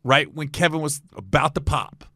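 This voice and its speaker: A man's voice: fairly high pitch, normal speed, gravelly, sharp tone, dry recording, clean studio sound. A man hosting a comedy podcast, chatting casually and swapping road stories with his guest. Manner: chatty, swaps road stories and laughs at his own punchlines. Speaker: podcast host, stand-up comedian. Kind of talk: casual chat. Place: podcast studio.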